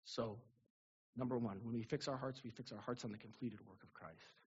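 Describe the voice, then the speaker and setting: A young adult male pastor giving a casual, animated sermon in a church, asking the congregation rhetorical questions. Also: mid-range voice, normal speed, husky, dull audio. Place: church sanctuary.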